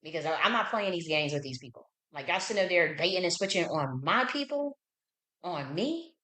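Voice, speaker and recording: A woman's voice: on the low side, lively intonation, brisk, sharp tone, reverberant. A woman hosting a livestream, speaking bluntly and heatedly with lots of profanity and repeated words. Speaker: livestream host. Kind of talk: profane political commentary livestream.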